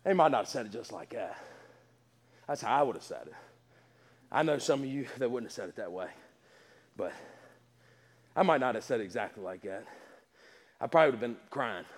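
A man's voice: mid-range voice, lively intonation, a little fast, pauses often. A man preaching a sermon in a folksy, emphatic way, full of stammering restarts. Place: church sanctuary. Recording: long hall reverb.

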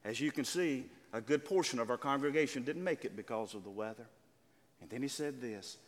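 An older man preaching a sermon as pastor, calling out to his congregation and drawing out key words slowly. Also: mid-range voice, long reverb tail. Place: church sanctuary.

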